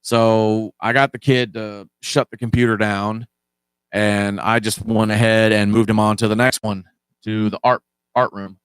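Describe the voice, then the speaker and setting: A man tells a long story in a relaxed monologue and acts out the lines of the people in it. His voice sits low and comes across smooth and resonant. The recording is dry, with the mic close. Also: a little slow, no echo. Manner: conversational, acts out quoted dialogue. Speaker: podcast host.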